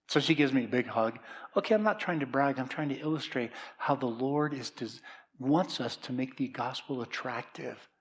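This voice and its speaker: A middle-aged male pastor preaching a sermon in an easygoing, conversational manner. His voice is of ordinary pitch for a man, rising into loud emphasis and dropping to a soft, coaxing tone.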